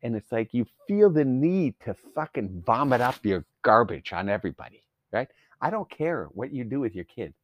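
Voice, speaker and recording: A man's voice: medium pitch, big pitch swings, moderate pace, lo-fi sound, a little hiss or hum. A young man, a new father, ranting bluntly and profanely in a solo podcast, exasperated. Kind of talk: solo rant.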